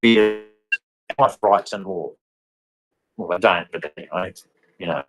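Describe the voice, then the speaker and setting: Casting: man, low-ish voice, blunt rambling vlog rant. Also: measured pace, poor audio. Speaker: vlogger. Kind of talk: casual ranting monologue.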